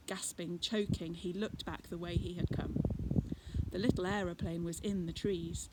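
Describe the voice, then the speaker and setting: A woman's voice: on the low side, fairly even intonation, normal speed. A woman reading a children's adventure book aloud expressively, adding chatty asides. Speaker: reader. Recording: noisy recording.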